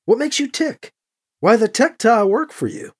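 A man's voice: very high voice, lively intonation, moderate pace, husky, pitched above the performer's own voice, full character voice. A reader voicing a dry, sarcastic man who is held captive.

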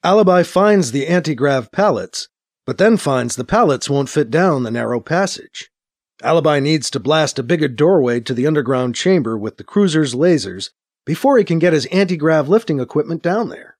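A man reading a science fiction story as narrator, in steady storytelling narration. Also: fairly high pitch, moderate pace. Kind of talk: scripted narration.

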